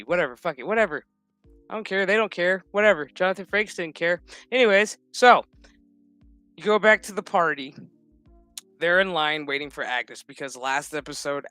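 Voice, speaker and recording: A man with a slightly high, bright, forceful voice gives a loose, foul-mouthed recap of a TV episode, wandering off track and chuckling along the way. The sound is close and dry, with faint music running underneath. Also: no echo. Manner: rambling, profane, laughs often. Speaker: streamer. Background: background music.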